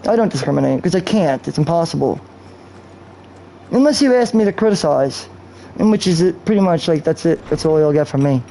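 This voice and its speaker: A man's voice: fairly high pitch, animated, brisk, gravelly, warm tone, slight background noise, poor audio. A man live-streaming a video game, talking in a rambling, profane, off-topic way into a cheap microphone. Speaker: gaming streamer. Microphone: cheap streaming mic.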